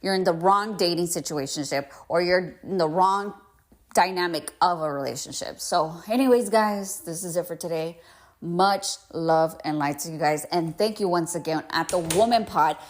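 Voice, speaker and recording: A woman with a fairly low voice hosts a casual solo podcast. She talks candidly and emphatically, leaning on filler words and blunt swearing. She sounds a bit congested. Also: moderate pace. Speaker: podcast host.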